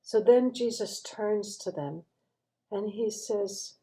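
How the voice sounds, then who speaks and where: A woman's voice: mid-range voice, slow pace, dark tone, rough recording. A woman giving a thoughtful devotional reflection, sometimes dropping to a near-whisper for emphasis.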